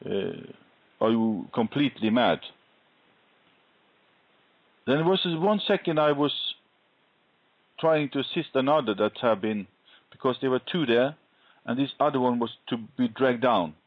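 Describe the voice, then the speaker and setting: A man sharing a faith testimony in an interview, telling his story earnestly and deliberately. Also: mid-range voice, no room sound. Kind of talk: conversational interview, personal testimony. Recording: dull lo-fi recording.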